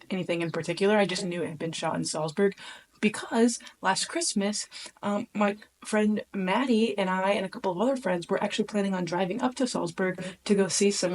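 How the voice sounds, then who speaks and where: A woman talking casually and alone, recapping her time on a reality competition in a chatty, animated way with many fillers. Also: lowish voice. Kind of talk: casual solo talk.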